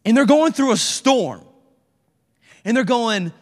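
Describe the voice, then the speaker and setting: Youth pastor, male, high voice, lively casual preaching, echoing hall. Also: moderate pace. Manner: animated, acts out prayers in character; casual slangy speech. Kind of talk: sermon. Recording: reverberant hall.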